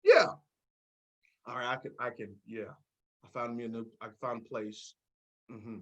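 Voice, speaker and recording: A man giving a motivational speech on a sales team call, preacher-like and emphatic. He repeats his key words, drops to a hush, then rises to a shout, and asks his listeners to answer back. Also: medium pitch, fairly even intonation, moderate pace.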